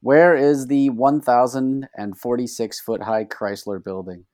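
A man's voice: medium pitch, steady tone, unhurried, a little mellow, no room sound, clean studio sound. A man co-hosting a podcast, reading trivia questions aloud in a wry, laid-back way. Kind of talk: casual banter.

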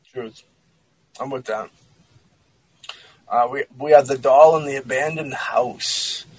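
A man with a medium-pitched, slightly breathy voice speaks slowly as a podcast co-host, reading a spooky story aloud and then joking about it bluntly in a casual chat. He swears often. The audio is poor, with no room sound.

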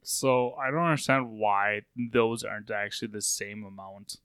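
A man's voice: lowish voice, fairly even intonation, normal speed, a bit bright, clean tone, dry recording. A man co-hosting a podcast, running steadily through tournament results in a casual way, his voice wearing out. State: voice going out. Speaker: podcast co-host. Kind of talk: casual chat, reading results.

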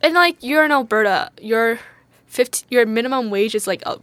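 A woman's voice: a little high, normal speed, a bit bright, dry recording. A young woman co-hosting a podcast, chatting casually and asking curious questions, with plenty of "like". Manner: curious, questioning, lots of fillers. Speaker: podcast co-host. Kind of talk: casual chat.

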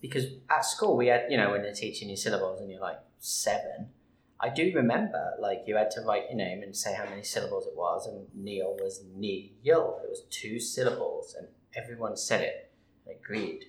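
A man's voice: lowish voice, moderate pace, echoey room, poor audio. A man co-hosting a casual podcast chat, explaining emphatically. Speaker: podcast co-host.

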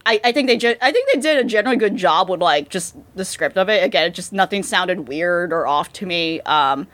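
A woman's voice: lowish voice, animated, brisk, fairly bright tone. A woman co-hosting a podcast, chatting casually and rambling with many fillers and restarts. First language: English. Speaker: podcast co-host. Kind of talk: casual chat about anime dubs.

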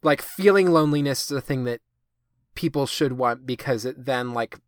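A male podcast co-host with a medium-pitched voice speaks at normal speed, meandering through casual talk with many fillers and some swearing. The audio is clean studio sound with no room sound.

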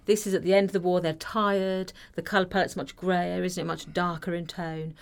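A woman's voice: lowish voice, level tone, normal speed, vocal fry, smooth. A woman on a podcast panel, discussing films in an articulate, analytical way during casual chat.

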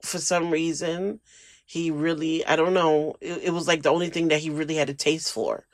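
A man's voice: a little high, fairly even intonation, normal speed, no echo. A man hosting a casual solo podcast, rambling and emotional, sometimes close to tears. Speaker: podcast host.

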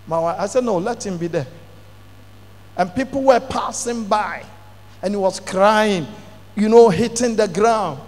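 A middle-aged male pastor, telling a testimony in a sermon with dramatic bursts of shouting. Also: sits high, unhurried, long pauses, slight background noise. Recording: long hall reverb.

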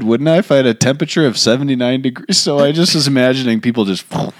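A man in a casual conversation, joking and telling animated stories. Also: mid-range voice, fast, few pauses, no echo, clean studio sound.

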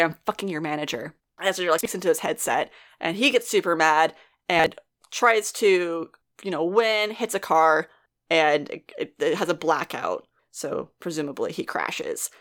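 A woman's voice: fairly low pitch, fairly bright tone. A woman co-hosting a podcast, giving a casual, laughing recap of a TV episode and swearing freely. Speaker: podcast co-host.

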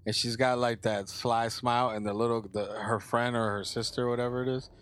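A man's voice: mid-range voice, level tone, fairly quick, fairly bright tone, clear, resonant tone. A man in casual movie chat, rambling and searching for words while retelling scenes, dropping frequent agreements.

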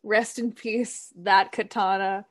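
A woman co-hosting a podcast, dropping quick fan asides as she chats casually about a TV episode. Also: mid-range voice, fairly even intonation. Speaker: podcast co-host. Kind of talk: casual chat recapping a TV episode.

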